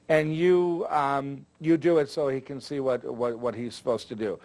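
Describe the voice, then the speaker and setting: A man's voice: medium pitch, moderate pace, a little mellow. Chatty older man teaching magic. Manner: chatty, jokey, with filler words. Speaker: magic instructor. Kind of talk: casual instructional talk.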